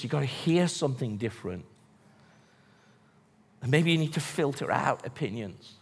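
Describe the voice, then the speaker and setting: A man preaching a conversational sermon to a large congregation, often asking rhetorical questions. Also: fairly high pitch. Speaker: pastor. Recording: long church hall reverb.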